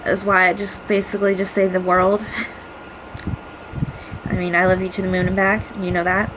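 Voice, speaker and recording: A young woman talks straight to the camera in a personal video message, her voice halting and emotional as she fights back tears. Her pitch sits in an ordinary middle range, and she trails off into frequent pauses and fillers. A clear hum of air conditioning runs under the whole recording. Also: flat delivery. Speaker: vlogger.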